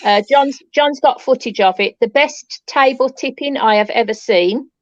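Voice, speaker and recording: Woman telling a lively ghost story. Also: high voice, moderate pace, no echo, dull audio. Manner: lively anecdote telling, repeats phrases. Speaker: paranormal investigator panelist. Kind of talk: casual chat.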